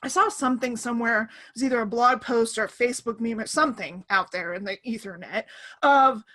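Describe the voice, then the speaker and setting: A woman in her thirties hosting a casual chat over an online call, animated and laughing, often acting out quoted voices. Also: a little high, fairly quick. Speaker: podcast host.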